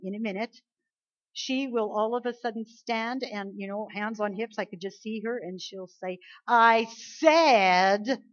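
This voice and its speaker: A middle-aged woman preaches with emphasis. She swings from quiet asides to loud, commanding lines. The recording sounds dull and lo-fi. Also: medium pitch. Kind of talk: sermon.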